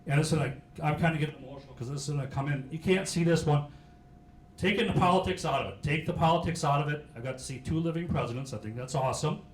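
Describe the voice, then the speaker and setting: Folksy middle-aged man in a roomy hall. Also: on the high side. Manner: folksy, joking, halting with fillers. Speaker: county sheriff giving a history talk. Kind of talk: informal public talk. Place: meeting hall. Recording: roomy hall with faint hiss.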